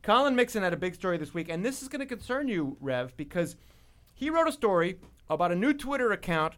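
Wisecracking male talk host, high voice that swoops all over, rambling delivery. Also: sing-song, brisk, a bit bright. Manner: wisecracking, rambling, lots of restarts. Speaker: radio show host. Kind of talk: jokey talk-show banter.

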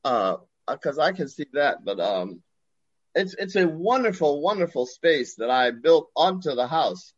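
A man's voice: fairly high pitch, measured pace, no room sound. Older guy on a video call from his porch, storytelling all dramatic, dull dry audio. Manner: expressive, theatrical. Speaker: guest. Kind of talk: storytelling in an interview. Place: home porch.

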